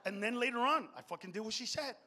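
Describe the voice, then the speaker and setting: Profane, high-voiced stand-up comedian. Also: male voice, fast talker, some chatter behind. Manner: profane, animated, swings from mutters to shouts.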